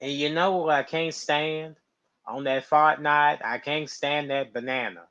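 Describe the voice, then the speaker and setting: A man's voice: fairly high pitch, steady tone, measured pace, bright, forceful tone. A man chatting casually on a stream, rambling and laughing often. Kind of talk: casual live-stream chat. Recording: slightly dull lo-fi mic.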